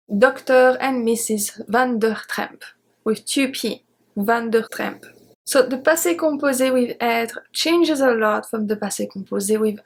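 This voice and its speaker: A woman teaching a grammar lesson in English, slowly spelling out and repeating each verb form. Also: fairly high pitch. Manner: slow, careful spelling-out of verb forms. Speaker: French teacher.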